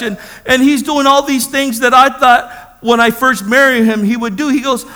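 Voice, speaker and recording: High-voiced man preaching a lively testimony. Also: moderate pace, hardly any pauses, in a large hall. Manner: animated storytelling, acts out voices. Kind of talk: sermon testimony.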